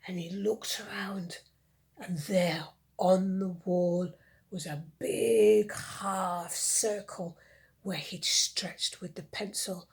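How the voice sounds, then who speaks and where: Female children's storyteller, slow, hushed and very breathy. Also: on the low side, steady tone. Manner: hushed, often whispering. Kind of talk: reading a story to kids.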